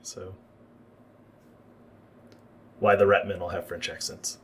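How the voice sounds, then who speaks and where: A man's voice: deep voice, little pitch movement, slow. A man narrating as game master for a livestreamed tabletop game, explaining the rules at length.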